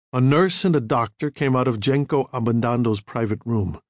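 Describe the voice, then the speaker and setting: Measured male audiobook narrator. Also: medium pitch, no echo, studio quality.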